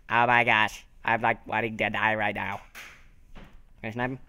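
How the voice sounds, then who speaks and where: A young man giving excited, taunting commentary over his own gameplay, talking to himself as he plays. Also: fairly low pitch, moderate pace, pauses often. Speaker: gaming video host.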